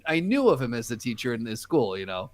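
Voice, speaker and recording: A man co-hosting a podcast in casual chat, with quick agreeing interjections and wry asides. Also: medium pitch, very animated. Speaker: podcast co-host.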